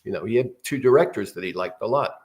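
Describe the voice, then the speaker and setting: A man's voice: on the low side, lively intonation, fast, a little mellow. An older man, a guest actor, telling rambling anecdotes in a casual interview.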